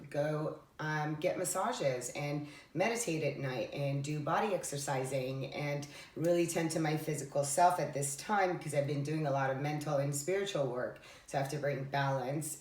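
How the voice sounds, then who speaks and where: Low-voiced woman musing in an echoey room. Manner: earnest, rambling with fillers and self-corrections. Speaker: spiritual tarot vlogger. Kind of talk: reflective spiritual monologue. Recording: echoey room, voice somewhat far from the mic.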